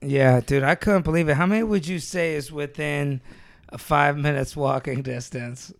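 A man's voice: on the high side, normal speed, vocal fry, dry recording. Man, laid-back, slangy, laughs a lot, dry sound. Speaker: podcast co-host. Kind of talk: casual chat.

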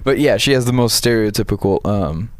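A man's voice: lowish voice, expressive, fairly quick, no room sound. A man from Wyoming, co-hosting a casual chat, who tells stories with frequent laughs and restarts. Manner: laughs often, storytelling with restarts. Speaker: podcast co-host.

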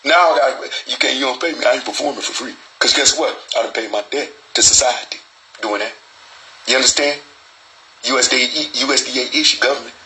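A man's voice: medium pitch, quick pace, sharp tone, poor audio. A man hosting his own show, talking casually in a rambling, profane monologue full of street slang. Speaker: show host. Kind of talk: casual live-stream monologue.

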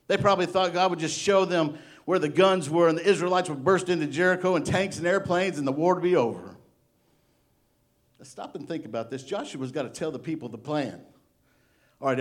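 A middle-aged male pastor giving a sermon, animated and playful, acting out little voices as he preaches. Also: high-pitched, fairly quick.

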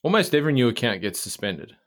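A man's voice: medium pitch, very animated, fast. A man co-hosting a podcast, speaking in a thoughtful, hedging way with lots of fillers. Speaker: podcast co-host. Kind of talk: casual podcast chat.

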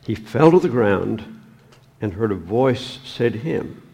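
Slow gravelly male preacher. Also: on the low side, expressive, warm tone. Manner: slow, reflective, with frequent ums and pauses. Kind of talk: sermon reading and commenting on scripture.

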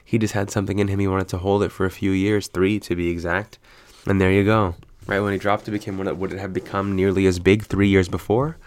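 An American man with a slightly low, brisk voice chats by himself, telling stories with animated, profane energy. He laughs frequently and hits his punchlines hard.

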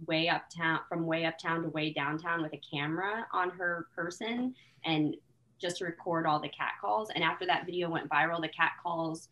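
A woman, guesting on a casual podcast. Her voice sits low, and she rambles through her stories in an animated way, full of restarts and fillers. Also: moderate pace, lo-fi sound.

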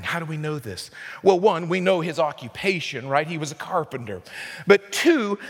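A man preaching a sermon with impassioned swings between loud, high emphasis and low, quiet stretches. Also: big-room sound. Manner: impassioned preaching with big swings in pitch and loudness. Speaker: pastor.

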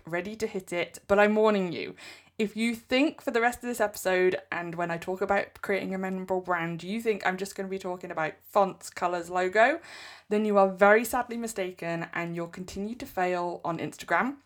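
A woman's voice: mid-range voice, a little fast, a bit bright. A woman with an English accent hosting a solo podcast, giving direct, emphatic business advice. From England. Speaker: podcast host.

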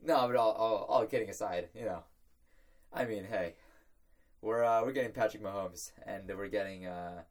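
Young guy cohosting a sports podcast, relaxed, laughs along. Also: fairly low pitch, moderate pace. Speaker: podcast co-host. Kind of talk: casual sports chat.

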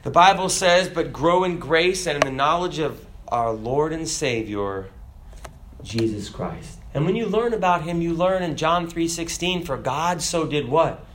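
Animated preacher with a slightly high voice. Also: male voice, a little slow. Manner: animated preaching, rhetorical questions, reads scripture aloud. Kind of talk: sermon.

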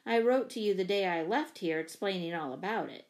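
A woman's voice: mid-range voice, animated, brisk, natural voice. Woman doing a weary, soaked man. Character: tired, soaked middle-aged man.

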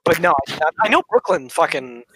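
A man's voice: fairly high pitch, sing-song, moderate pace, sharp tone, breathy edge, no echo, low-quality recording. A teenage guy from California, hosting a casual podcast and rambling through stories with a lot of swearing. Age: teens. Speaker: podcast host.

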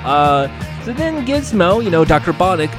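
A man's voice: sits high, sing-song, moderate pace, music in the background. A man casually recapping a TV episode with sarcastic, profane jokes. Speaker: show recap host.

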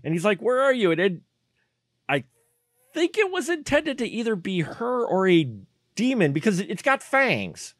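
A man co-hosting a casual podcast, excitedly recapping a bad movie scene by scene and laughing often. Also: high-pitched, moderate pace, no echo, studio quality. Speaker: podcast co-host.

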